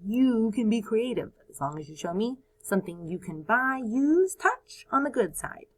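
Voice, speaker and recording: A woman teaching first graders in a recorded video lesson, encouraging and sing-song, sounding out words slowly for the children. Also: fairly high pitch, big pitch swings.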